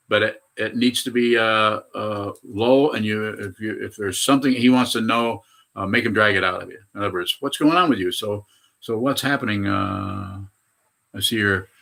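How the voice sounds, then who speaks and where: A man's voice: lowish voice, creaky, sharp tone. A man in his eighties, a Buddhist meditation teacher, giving a rambling dharma talk full of hesitations and self-corrections. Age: 80s. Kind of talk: dharma talk answering questions.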